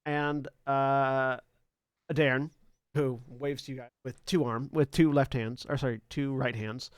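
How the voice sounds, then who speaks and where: A man narrating a tabletop game as game master, in a loose, halting way that breaks into laughs now and then. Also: mid-range voice, steady tone, clear, resonant tone, no echo, studio quality.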